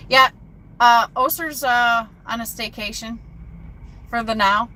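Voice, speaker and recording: A woman truck driver live-streams from her cab at a truck stop and chats casually with her viewers, reading their comments aloud. Her voice is bright and sits a little high. She is recorded on a phone with faint vehicle noise behind her. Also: a little slow.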